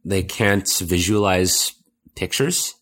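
A man chatting casually as a co-host, playful and quick with mock-outraged reactions. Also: deep voice, a bit bright. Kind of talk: casual chat.

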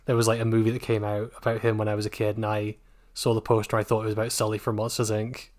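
A man's voice: lowish voice, fast. Sarcastic man co-hosting a podcast. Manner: sarcastic deadpan jokes, swears casually. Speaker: podcast co-host. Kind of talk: casual book-discussion chat.

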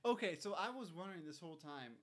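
A man's voice: sits high, lively intonation, fast talker, a bit bright. A man in casual conversation, mostly giving short agreeing replies with the odd comment. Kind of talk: casual chat.

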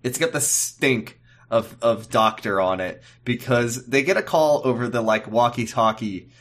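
A man's voice: mid-range voice, a little slow. A man co-hosting a podcast, chatting casually about a TV episode and joking as he goes. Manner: joking, animated, drops into mock voices. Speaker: podcast co-host. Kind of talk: casual chat recapping a TV episode.

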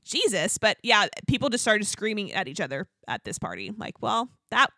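A podcast co-host chats casually while recapping reality TV, laughing a lot and quoting people in animated put-on voices. Her medium-pitched voice is creaky and fairly quick. The studio-quality audio has no echo.

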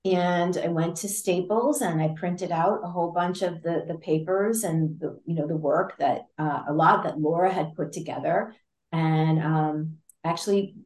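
A woman guest in an interview, telling a story in a lively way with frequent laughs, fillers and restarts. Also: low voice. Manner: animated, laughs often, many fillers and restarts. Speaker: interview guest, patient advocate. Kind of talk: conversational storytelling. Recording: roomy echo.

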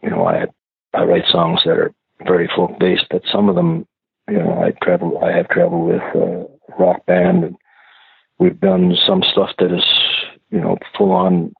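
A man with an Acadian accent, a singer-songwriter answering interview questions in a relaxed, hesitant way with many restarts. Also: deep voice, normal speed, vocal fry, slightly rough, no echo, narrow, tinny audio. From Canada.

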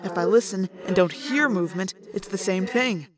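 A woman reading an audiobook, voicing a quiet teenage boy with a hawk's instincts who explains things plainly. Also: medium pitch, normal speed, a crowd in the background, natural voice. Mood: explaining. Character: quiet teenage boy, hawk-like, matter-of-fact.

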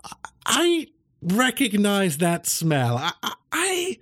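Tabletop game role: a man playing a fussy professor cat, high and stammering, slow and unsure. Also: huge pitch swings, fairly bright tone, exaggerated voice. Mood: anxious. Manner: hesitant, stammering.

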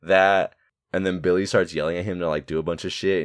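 A man's voice: brisk, no echo, clean studio sound. A young man co-hosting a podcast, chatting casually about a film, swearing freely and acting out lines. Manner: swears freely, acts out characters' lines in a squeaky high voice. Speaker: podcast co-host.

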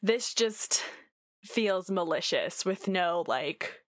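A woman's voice: medium pitch, lively intonation, no echo, studio quality. A woman co-hosting a casual music podcast, rambling through her thoughts with many fillers. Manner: rambling, heavy on "like", quick to laugh. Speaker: podcast co-host. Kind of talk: casual chat.

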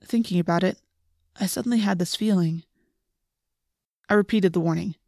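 A woman narrating an audiobook in a steady, clear storytelling manner. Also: on the low side, normal speed, no echo, studio quality. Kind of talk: scripted narration.

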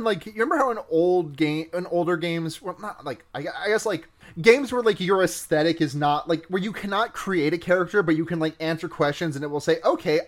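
High-voiced man chatting loosely. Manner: loose, rambling with many fillers. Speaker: podcast co-host reading listener questions. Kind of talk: casual chat.

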